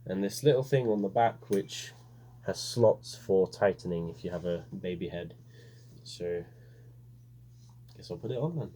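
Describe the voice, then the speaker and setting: Low, dark-voiced man unboxing gear. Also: unhurried, long pauses, a little hiss or hum. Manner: relaxed, rambling, many fillers. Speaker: vlogger reviewing a gas mask. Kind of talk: casual unboxing commentary.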